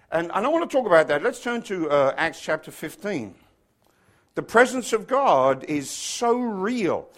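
A man's voice: on the high side, sing-song, moderate pace, a bit bright. A middle-aged man from England with an English accent, preaching a chatty, joking sermon to his congregation. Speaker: pastor. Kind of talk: casual sermon.

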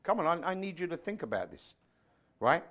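Fervent preacher, a man with a raised pitch. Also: sing-song, a little fast. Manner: fervent, rising to shouts. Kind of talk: sermon.

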